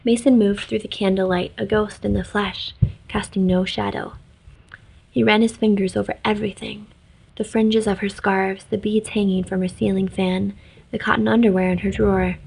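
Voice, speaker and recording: A woman reading a fantasy story aloud in an even, measured way. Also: mid-range voice, gravelly, husky, poor audio. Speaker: story reader. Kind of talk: scripted narration of a fantasy story.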